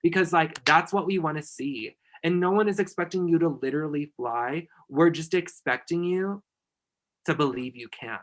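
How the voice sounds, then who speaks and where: A man's voice: a little high, normal speed. A man guest on a podcast, chatting casually and giving emphatic, effusive encouragement. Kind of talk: casual chat.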